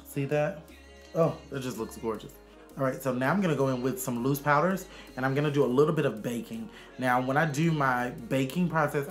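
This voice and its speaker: Sassy man chatting through makeup. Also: medium pitch. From Arkansas, USA. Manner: sassy and chatty, calls viewers honey and child. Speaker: makeup artist. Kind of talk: casual makeup tutorial.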